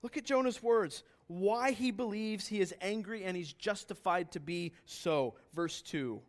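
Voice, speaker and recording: A man preaching a sermon to a congregation, earnest and questioning, rising now and then to loud emphatic bursts. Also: sits high, measured pace. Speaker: pastor. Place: church hall with congregation.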